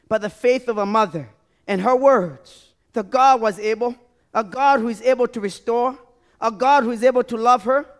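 In a church sanctuary, a male pastor with a very high voice preaches and leads an altar call. He pleads and repeats phrases, his intensity rising and falling.

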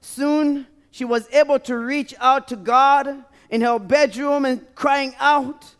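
A man's voice: very high-pitched, fairly even intonation, slow pace, fairly bright tone. A man pastor preaching a sermon and leading an altar call to a church, pleading and repeating his phrases with rising and falling intensity. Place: church sanctuary.

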